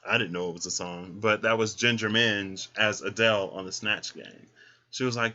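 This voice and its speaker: A man's voice: fairly low pitch, moderate pace, sharp tone. Sassy, chatty male tarot reader. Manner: sassy, chatty, talks to the listener as "girl". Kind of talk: casual tarot reading talk. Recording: dull lo-fi sound.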